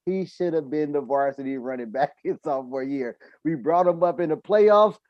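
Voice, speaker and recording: A man's voice: fairly high pitch, moderate pace, dry recording, dull audio. A man hosting a podcast, telling sports stories in loose, profane casual chat full of restarts and asides. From United States. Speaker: podcast host.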